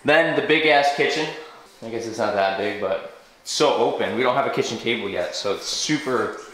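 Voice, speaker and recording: A man's voice: medium pitch, moderate pace, fairly bright tone. A young man vlogging a casual house tour, joking and rambling, talking through retainers. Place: inside a house. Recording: echoey rooms, faint noise.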